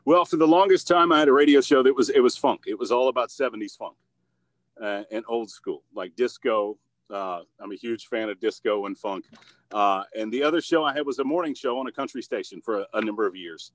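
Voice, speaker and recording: A man's voice: medium pitch, brisk, no echo. A man who is a voice actor and commercial producer, answering interview questions in an upbeat, goofy way, with lots of fillers and restarts. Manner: upbeat and goofy, with many fillers and repeated starts.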